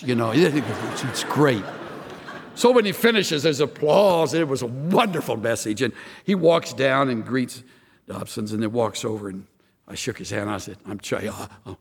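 Gravelly folksy preacher man in a hall. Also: mid-range voice, a bit bright, a little hiss or hum. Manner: folksy and joking, with laughs. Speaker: pastor. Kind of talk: conversational sermon.

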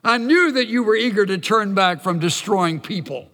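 A man's voice: sits high, expressive, normal speed, pushed and bright, exaggerated voice. A man playing a resentful, complaining male prophet in a sermon reading. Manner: whiny, aggrieved. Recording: long hall reverb.

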